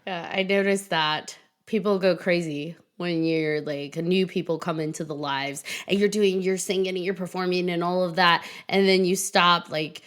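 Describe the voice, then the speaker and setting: A woman with a slightly low voice hosts a livestreamed horror chat. She talks in a chatty, animated way, giggles a lot and drifts into little anecdotes. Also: moderate pace, few pauses. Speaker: podcast host. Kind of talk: casual chat. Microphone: livestream video call.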